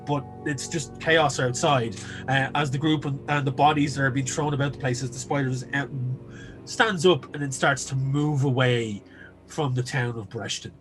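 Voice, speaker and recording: A man's voice: mid-range voice, fairly even intonation, moderate pace, over music. A man hosting and running a tabletop game, talking in a loose, chatty way with lots of ums. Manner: chatty, filler-heavy, loose delivery. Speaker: game master and host. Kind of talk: narrating a tabletop game, casual chat.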